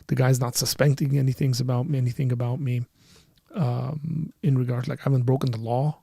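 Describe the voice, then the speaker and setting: A man with a gravelly, mid-pitched voice hosts a live call-in show, telling a story in an emphatic, conversational way. His pitch jumps when he gets heated. The sound is dry and close, with no room echo. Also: level tone, brisk, mellow. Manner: acts out both sides of remembered dialogue. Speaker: host of a call-in apologetics panel. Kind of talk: live call-in discussion, personal anecdote.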